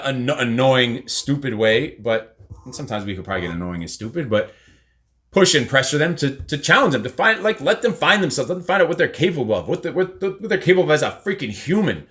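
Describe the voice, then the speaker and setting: A man's voice: medium pitch, a bit bright. A middle-aged man hosting a casual live show, rambling and teasing, with casual swearing. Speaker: podcast host. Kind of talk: casual live-stream chat.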